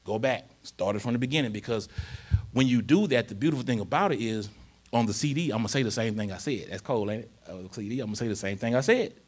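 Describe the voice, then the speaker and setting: Informal preacher checking in with congregation. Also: male voice, medium pitch, fast talker, slightly rough. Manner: rises to emphatic, louder delivery when reading scripture. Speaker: pastor. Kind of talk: conversational sermon. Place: church.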